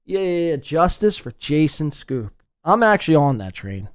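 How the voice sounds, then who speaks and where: A man's voice: a little high, big pitch swings, measured pace, clear, resonant tone, no room sound, clean studio sound. A man hosting a podcast, ranting and mocking with profane commentary. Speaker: podcast host. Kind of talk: profane commentary over played clips.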